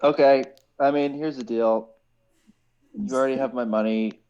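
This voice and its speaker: A man playing a tabletop game, dry and deadpan. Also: mid-range voice, normal speed, smooth, dull audio. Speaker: player.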